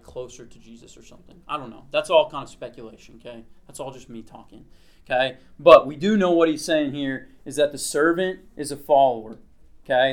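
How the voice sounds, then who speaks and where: Man teaching a Bible lesson. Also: medium pitch. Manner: conversational, checks in with frequent "okay?"; reads scripture aloud slowly, then explains. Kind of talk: Bible lesson to a small group.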